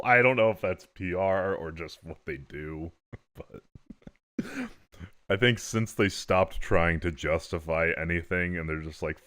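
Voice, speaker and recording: Man, very low voice, rambling, swears a lot, casual stream commentary. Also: unhurried, a bit bright. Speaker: livestream host. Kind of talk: casual commentary while reacting to clips.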